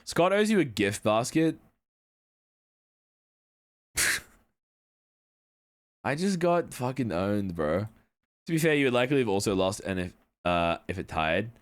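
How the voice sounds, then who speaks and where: Young adult male streamer, casual rambling chat, animated swings in pitch, clear resonant tone, loose with the swearing. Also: a little slow, long pauses.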